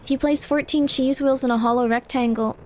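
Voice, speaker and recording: A young woman streaming a game live, chatting fast and often repeating herself, with sudden exasperated outbursts. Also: sits high, fairly even intonation. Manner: chatty, repeats phrases, bursts of exasperated yelling.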